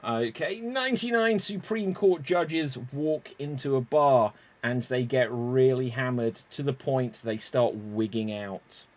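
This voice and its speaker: A man hosting an online improv game over a video call, unhurried and chuckling as he calls on players by name. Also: medium pitch. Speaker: improv show host.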